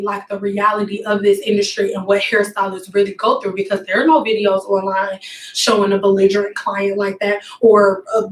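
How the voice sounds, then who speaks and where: A woman's voice: mid-range voice, roomy sound, distant mic, rough recording. A woman hairstylist talking bluntly and candidly to her viewers from her salon. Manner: outspoken, blunt storytelling. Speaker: hairstylist vlogger. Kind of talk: candid vlog chat. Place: hair salon room.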